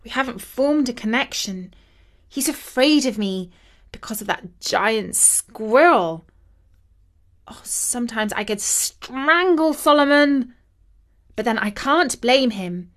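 A woman's voice: fairly high pitch, animated, takes it slowly. A woman voicing a kind, earnest young girl. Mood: worried.

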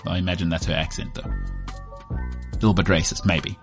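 A man's voice: sits low, flat delivery, brisk, over music. A man in his thirties with a South African accent, hosting a sports show as a rambling, joking, self-mocking monologue. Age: 30s. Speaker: sports podcast host.

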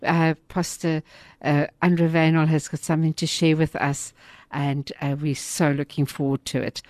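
A woman's voice: sits low, flat delivery, normal speed, a little mellow, no echo. A woman hosting a radio program, speaking hesitantly and emotionally with many fillers. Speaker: radio host.

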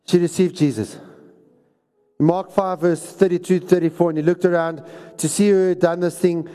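A man's voice: high-pitched, steady tone, moderate pace, warm tone, soft background music. A man preaching a sermon, exhorting and repeating lines for emphasis. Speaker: pastor. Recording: reverberant hall recording.

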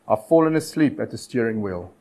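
Guy preaching a sermon, keeps repeating lines, mid-pitched voice, pushes hard then goes quiet. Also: expressive, poor audio. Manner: exhortative, repetitive cadence with dramatic pauses.

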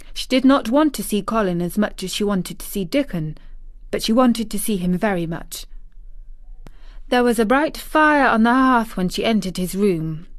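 A woman reading a classic novel aloud as scripted narration, in a measured, even way. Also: medium pitch, dry recording, clean studio sound. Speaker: audiobook reader.

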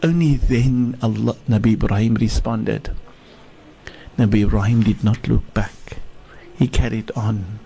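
Sheikh slowly telling a story, husky mellow voice, lots of restarts. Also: male voice, fairly low pitch, little pitch movement. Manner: slow, halting, with many restarts and repeated words. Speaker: sheikh, guest speaker. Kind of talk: storytelling sermon.

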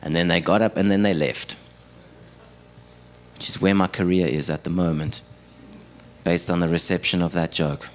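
Performing live on stage, a low-voiced South African man, a stand-up comedian and radio producer, delivers a comedy set. His tone is steady and his pace moderate with frequent pauses, and he's self-deprecating and conversational with the audience.

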